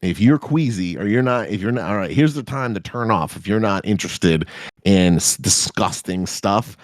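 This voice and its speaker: Male podcast host, lively swooping pitch, profane storyteller, dry close sound. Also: moderate pace, dry recording. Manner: animated, profane, jumps into high-pitched reactions. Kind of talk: casual storytelling.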